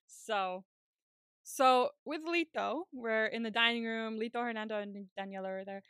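Young woman, podcast co-host, casual recap, laughs often, fairly high voice, dry sound. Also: moderate pace, fairly bright tone, smooth, no room sound. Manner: chatty, laughs often, retells scenes.

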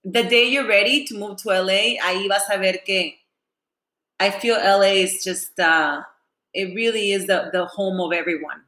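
Guest spot: chatty woman in her late 30s, bright voice, mixes Spanish into English, roomy echo. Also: medium pitch, normal speed. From San Diego, US. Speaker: TV host and actress, guest. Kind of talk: casual chat.

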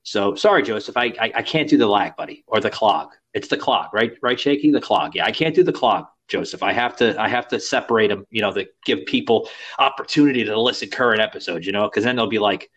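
A man's voice: on the low side, lively intonation, fast, few pauses, a bit bright, slightly rough. A man hosting a podcast in casual chat, rambling and crude, with many fillers. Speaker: podcast host.

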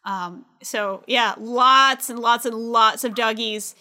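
A woman's voice: fairly high pitch, fairly even intonation, takes it slowly, pushed and bright. A woman co-hosting a podcast, chatting casually, swearing freely and laughing often. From United States. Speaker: podcast co-host. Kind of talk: casual chat. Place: home setup, New York City.

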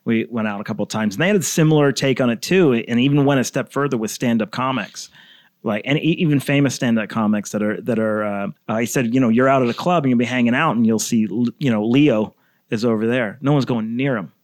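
A man's voice: medium pitch, fast talker, dry recording, studio quality. A man hosting a casual podcast chat, laughing easily and chiming in with agreement. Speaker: podcast host.

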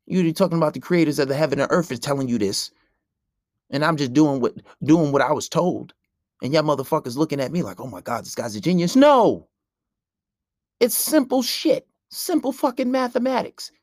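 Gravelly brash man ranting on a podcast. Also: on the high side, darkish tone, no room sound, clean studio sound. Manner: brash, profane and preachy. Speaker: podcast host. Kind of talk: solo podcast rant.

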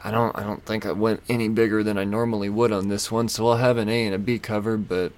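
Rambling gravelly-voiced man podcaster. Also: on the low side, level tone, quick pace, a little mellow. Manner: rambling, self-mocking, swears, frequent fillers and laughs. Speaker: podcast host. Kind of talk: casual solo comic-book podcast chat.

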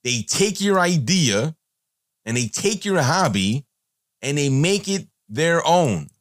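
A man's voice: on the high side, big pitch swings, takes it slowly, no echo, clean studio sound. A man hosting a podcast, giving a blunt, profane, rambling monologue with many fillers. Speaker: podcast host.

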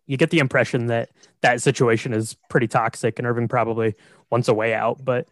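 A man's voice: mid-range voice, level tone, a little fast, no room sound. A man co-hosting a podcast, steadily explaining a film's plot and often checking in with his partner. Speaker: podcast co-host. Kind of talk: casual chat recapping a film.

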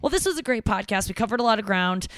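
A young woman hosts a relaxed family podcast, chatty and animated with quick opinions. Her voice is smooth and clear. The sound is close and dry. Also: mid-range voice, no echo. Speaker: podcast host. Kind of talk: casual family chat.

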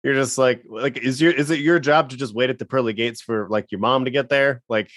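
A man co-hosting a casual podcast, talking in a rambling, halting way with frequent restarts. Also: mid-range voice, fairly even intonation, fairly bright tone, dry recording, studio quality. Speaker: podcast co-host.

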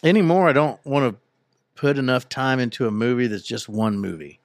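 A man chats in an offhand, drawling way. His voice is gravelly with plenty of fry, and it sits at a middle pitch. The sound is dry and close. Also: brisk, no room sound. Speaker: podcast co-host. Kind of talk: casual chat.

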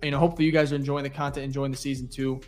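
A man co-hosts a sports podcast in a relaxed, rambling way, thanking listeners with plenty of fillers. His voice sits in a middle pitch. Faint music plays underneath. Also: racing. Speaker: podcast co-host. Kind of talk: casual sports podcast sign-off.

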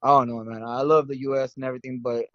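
A man chats on a podcast in halting bursts, full of uhs and curse words. His mic sounds dull and lo-fi. The sound is dry. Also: mid-range voice, level tone, no room sound. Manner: halting, many uhs, profane. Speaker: podcast co-host. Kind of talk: casual podcast discussion.

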